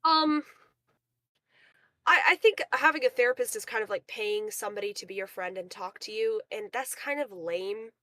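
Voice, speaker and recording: A woman telling a story on a livestream in a casual, animated way, full of "like" fillers. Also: medium pitch, normal speed, no echo. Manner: animated, filler-heavy retelling. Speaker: guest on a livestream.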